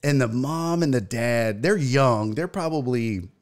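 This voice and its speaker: A man hosting a podcast, telling a story in casual chat, profane and animated. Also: a little slow. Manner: animated, profane, acts out quotes in a loud high voice. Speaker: podcast host.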